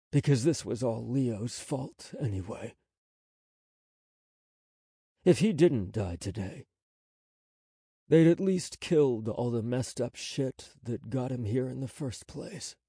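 Slow husky guy reading an audiobook, calm measured delivery. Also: medium pitch, dry recording, clean studio sound. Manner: measured, unhurried storytelling. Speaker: audiobook narrator. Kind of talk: scripted narration. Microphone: close studio mic.

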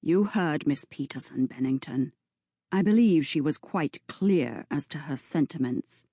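A composed gentleman defending a lady played by a woman reader speaks in a lowered, measured and cutting voice. The delivery is slow and mellow, dry and close. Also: lively intonation, husky, no room sound, heavily acted. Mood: cold. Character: cool, protective gentleman rescuer.

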